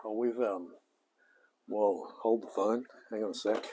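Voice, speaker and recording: A laid-back Australian man in his late forties talks in a slow, unhurried drawl. His voice sits low, and he rambles from one thought to the next with easy slang. He sounds like a home mechanic chatting to his live-stream viewers. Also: mellow, a little hiss or hum. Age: late 40s. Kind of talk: casual live-stream chat.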